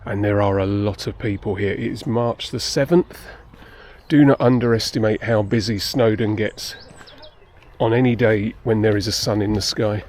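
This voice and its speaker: Climbing a crowded mountain trail, this vlogger chats in a self-deprecating way, slightly winded, recording on a handheld phone close to his face. He has a lowish, darkish voice, a steady tone, and a moderate pace.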